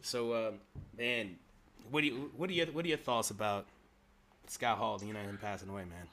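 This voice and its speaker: A man hosting a casual talk show, relaxed and conversational with plenty of fillers. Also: fairly low pitch, normal speed, slight background noise. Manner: relaxed, conversational, lots of you know. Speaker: host.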